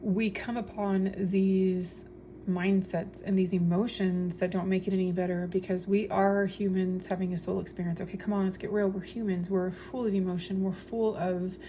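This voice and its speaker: Warm-voiced woman giving a spiritual talk. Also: mid-range voice, slight background noise. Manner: earnest, preachy, repeats phrases for emphasis; speaks with many fillers and restarts. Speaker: tarot reader and spiritual vlogger. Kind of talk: casual spiritual monologue.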